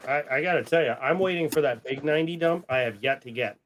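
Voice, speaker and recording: A coin-hunting livestream host chats and jokes casually, swearing now and then, while barking short, firm commands at his dogs. His voice is fairly high and quick, with a noisy background.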